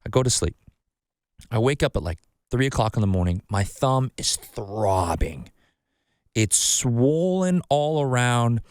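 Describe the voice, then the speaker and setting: A man hosts a casual podcast and tells long stories, swearing freely and acting out what he said at the time. His voice sits in a middle pitch. It is recorded close and dry, with no room sound. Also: animated, measured pace, a little mellow, smooth, no room sound. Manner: swearing storyteller, acts out his own quotes. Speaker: podcast host.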